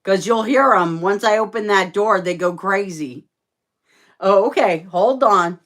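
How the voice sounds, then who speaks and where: Slow-talking woman chatting on a home stream. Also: a bit bright. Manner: chatty and rambling, with fillers and laughs; high sing-song baby talk to her dogs. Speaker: livestream host. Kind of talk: casual livestream chat. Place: at home indoors.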